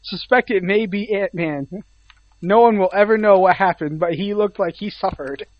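A man's voice: high-pitched, moderate pace, no room sound. A young man chatting casually, tossing in joking asides and laughing often. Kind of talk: casual chat. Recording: dull, dry lo-fi sound.

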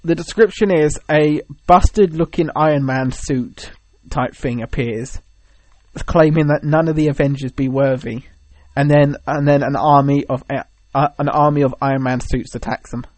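A man's voice: on the high side, steady tone, normal speed, darkish tone, no room sound, poor audio. A man in casual chat, animatedly retelling events with many fillers.

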